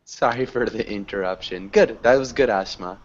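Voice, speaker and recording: A man's voice: fairly low pitch, normal speed. A man teaching an online English class over a video call, encouraging students and praising their pronunciation. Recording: dull lo-fi video call audio.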